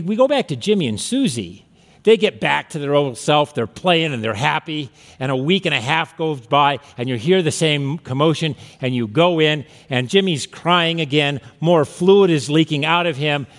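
A man's voice: a little high, lively intonation, moderate pace. A man preaching a sermon as pastor, telling stories and rising to emphatic peaks. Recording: hall reverb.

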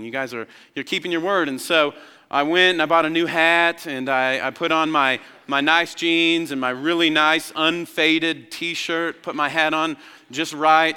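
Man preaching, bright crisp voice, storytelling, long hall reverb. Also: fairly high pitch. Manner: storytelling, rising to excited emphasis then dropping quiet. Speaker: pastor. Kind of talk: sermon.

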